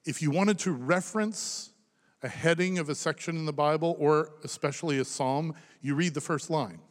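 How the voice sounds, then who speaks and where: A man in his thirties preaching a sermon as pastor, impassioned, rising to loud emphasis and dropping to hushed near-whispers. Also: a little high, moderate pace. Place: church sanctuary. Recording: long reverb of a large hall.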